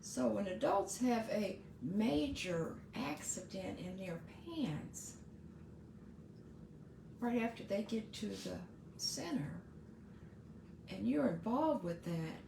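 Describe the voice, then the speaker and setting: A woman's voice: medium pitch, animated, slow pace, creaky, pauses often, echoey room, noisy background. A middle-aged woman hosting her own podcast, giving casual, earnest advice to parents with frequent asides and restarts. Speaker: podcast host.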